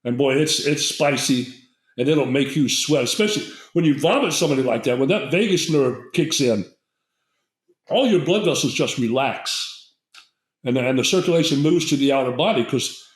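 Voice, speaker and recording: A man's voice: mid-range voice, lively intonation, normal speed, roomy sound, low-quality recording. An older man, a guest herbalist, telling a long, digressive story in a casual interview and acting out the people in it. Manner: rambling, digressive storyteller who acts out quotes.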